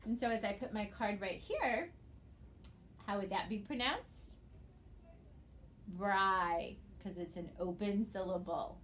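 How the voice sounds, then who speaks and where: A reading teacher gives a phonics lesson to students she can't see, patient and encouraging in tone. Her medium-pitched, expressive voice spells out letters slowly and clearly over a faint hiss.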